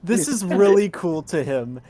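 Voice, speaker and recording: A man's voice: sits high, animated, measured pace, warm tone. A man playing in a tabletop role-playing game, playfully describing what his character does. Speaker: player. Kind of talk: casual tabletop play.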